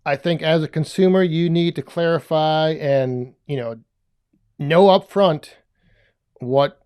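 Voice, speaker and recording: A man's voice: a little high, takes it slowly, darkish tone, smooth. A man co-hosting a casual podcast, talking in an easygoing way and chuckling often. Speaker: podcast co-host.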